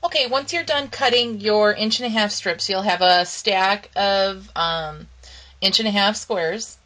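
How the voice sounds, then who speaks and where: On a poorly recorded clip, a woman who hosts a crafting channel talks through a papercraft project step by step, sprinkling in plenty of ums and okays. Her medium-pitched voice sounds pushed and bright at a measured pace, strained because she's losing it, and she clears her throat along the way.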